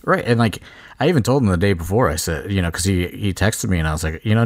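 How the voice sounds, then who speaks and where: A man's voice: on the low side, quick pace, no room sound. A man co-hosting a casual podcast, rambling and leaning on filler phrases like "you know" and "like". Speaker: wrestling promoter and podcast co-host.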